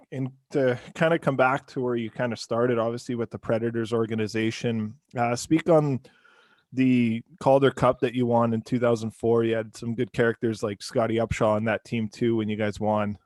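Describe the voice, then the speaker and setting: An easygoing male podcast host steers his guest with loose, friendly questions. The sound is close and dry with no room around it, and his pitch sits in the ordinary middle. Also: steady tone, normal speed, a little mellow, no echo. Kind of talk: casual interview questions.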